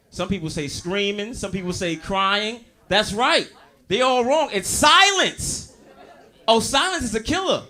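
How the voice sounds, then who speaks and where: A man doing a stand-up comedy set on a club stage, loud and storytelling, working the crowd. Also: mid-range voice.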